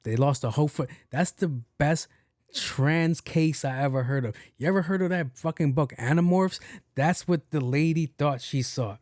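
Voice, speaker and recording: A man hosting his own podcast, telling a comic story in a profane, animated rant and acting out what other people said. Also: fairly high pitch, moderate pace, no echo, clean studio sound. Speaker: podcast host. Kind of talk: solo comedic storytelling rant.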